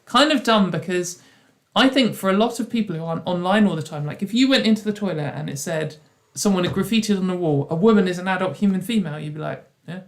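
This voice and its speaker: A woman's voice: fairly low pitch, expressive, fast talker. A woman hosting a casual livestream chat over a video call, rambling with many restarts and slipping into ironic quoted voices. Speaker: host.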